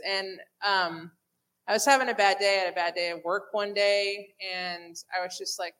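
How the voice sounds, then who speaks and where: A woman sharing a personal faith testimony to a group, halting with many restarts and fillers. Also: mid-range voice, steady tone, a bit bright, rough recording.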